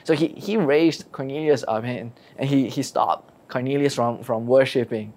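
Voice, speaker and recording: A storyteller retelling a Bible story in a lively way, asking rhetorical questions. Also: mid-range voice, moderate pace. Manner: lively, asks rhetorical questions, acts out quotes.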